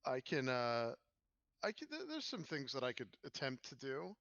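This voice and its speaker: A man's voice: medium pitch, huge pitch swings, moderate pace, vocal fry, fairly bright tone, no room sound. Man game master on a lo-fi mic. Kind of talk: narrating a tabletop game.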